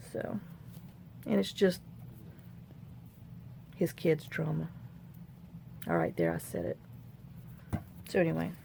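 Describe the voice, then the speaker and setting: In a fairly low, creaky voice, a middle-aged woman makes folksy small talk with her viewers as she glues and trims a craft project at home, often thinking aloud to herself. The audio has a little hiss or hum.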